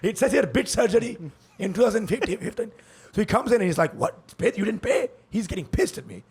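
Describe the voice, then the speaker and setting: A man with a husky, fairly high voice on a casual comedy podcast. His pitch swings widely as he spins a loose, profane story. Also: big pitch swings, fast, darkish tone. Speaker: podcast co-host.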